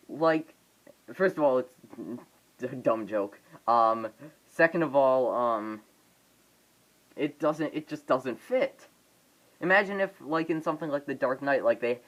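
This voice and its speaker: A man giving a casual off-the-cuff review to his phone camera, rambling and halting, with many fillers and restarts. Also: mid-range voice, fairly bright tone, low-quality recording. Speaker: vlogger reviewing a film.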